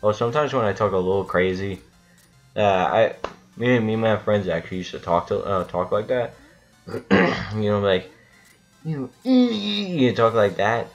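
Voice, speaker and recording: Brief: deep-voiced man, unhurried, cursing, rambling gameplay commentary, dull lo-fi sound. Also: expressive, soft background music. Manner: rambling, swearing, lots of restarts. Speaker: gaming channel host.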